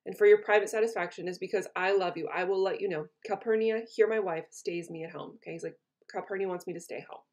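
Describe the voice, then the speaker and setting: A woman's voice: fairly low pitch, fairly even intonation, fast talker, a little mellow. Woman teacher going through a play line by line, reads it then explains it super casual. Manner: casual paraphrase. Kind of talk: reading a play aloud and paraphrasing it for students.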